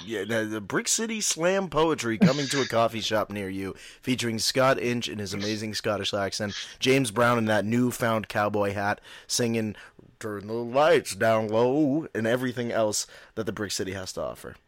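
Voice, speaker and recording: A man's voice: on the low side, moderate pace, hardly any pauses, a bit bright, no echo. An American man hosting a podcast, teasing his co-host and reading plugs in an upbeat promo style. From United States. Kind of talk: casual podcast chat.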